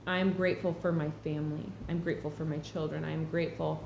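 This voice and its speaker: A woman's voice: sits low, flat delivery, fast talker, gravelly, a little mellow. Woman doing a heartfelt spiritual vlog, roomy echo and a faint hum behind. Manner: earnest, reflective, heartfelt. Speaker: spiritual vlogger. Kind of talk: casual spiritual vlog monologue. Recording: echoey room with faint background hum.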